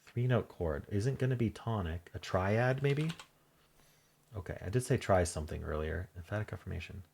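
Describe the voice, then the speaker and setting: A man thinking aloud as he solves a crossword, muttering in halting self-talk with half-voiced asides. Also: on the low side, animated, vocal fry, darkish tone, slight background noise. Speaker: crossword solving channel host. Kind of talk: thinking aloud while solving a puzzle.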